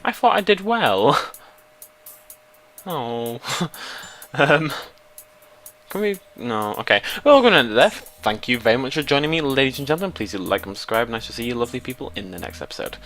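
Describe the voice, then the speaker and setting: A man's voice: mid-range voice, big pitch swings, moderate pace, pauses often, a bit bright, faint music behind. A young English man giving jokey, rambling commentary while playing a game and chatting to his viewers. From Britain. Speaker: let's play host. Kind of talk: casual gaming commentary.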